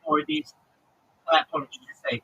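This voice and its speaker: A man's voice: very high-pitched, flat delivery, moderate pace, gravelly, sharp tone, highs cut off. A man talking casually on his livestream, ranting and swearing freely. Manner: profane, ranting.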